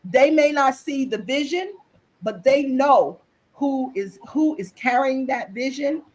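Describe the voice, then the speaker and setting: A woman's voice: high-pitched, animated, slow, darkish tone, poor audio. A woman speaking as a guest author and executive in an interview over a video call. She talks with earnest, faith-driven conviction and often restarts or repeats her words. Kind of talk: impassioned interview talk.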